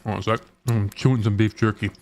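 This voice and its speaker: A man streaming a game and chatting casually with a friend, prone to high-pitched bursts of disbelief and laughter. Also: flat delivery, fast, darkish tone, a little hiss or hum. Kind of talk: casual gaming stream chat.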